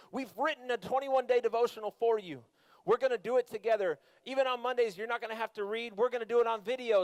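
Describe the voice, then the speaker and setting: Animated middle-aged youth pastor preaching. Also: male voice, high voice. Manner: animated, conversational storytelling with asides. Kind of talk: sermon with personal story.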